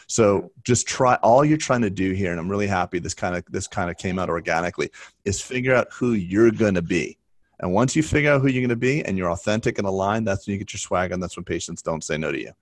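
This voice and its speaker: A man's voice: low voice, lively intonation, fast talker, dry recording. A man coaching a younger colleague in a casual talk, encouraging and telling stories to make his point. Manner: encouraging, storytelling.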